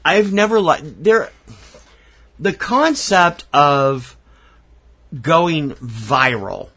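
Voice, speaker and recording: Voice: medium pitch, expressive, extremely slow, fairly bright tone. A co-host in casual chat, blunt and emphatic in their opinions. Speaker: podcast co-host.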